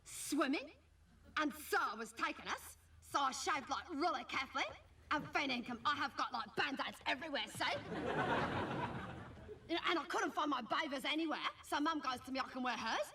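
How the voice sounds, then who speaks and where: A bratty Aussie schoolgirl, high and whiny. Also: lively intonation, fairly quick, pushed and bright, full character voice. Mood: whingeing. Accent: Australian. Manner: gossipy, rambling, mimics others. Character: bratty young teenage Australian schoolgirl, cheeky and whingeing. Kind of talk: comic monologue to camera. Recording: noisy old TV recording from a distant mic.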